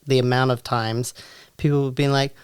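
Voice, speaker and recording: Podcast co-host, casual chat, frank, direct, middle pitch, dry studio sound. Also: steady tone, moderate pace, clear, resonant tone, dry recording. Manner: frank and direct, with rising exclaimed asides.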